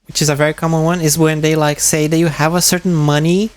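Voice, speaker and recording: A man's voice: fairly high pitch, little pitch movement, quick pace. A man, streaming and chatting casually, telling stories with frequent laughs and swearing. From Brazil. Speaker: streamer reacting to a video. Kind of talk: casual chat.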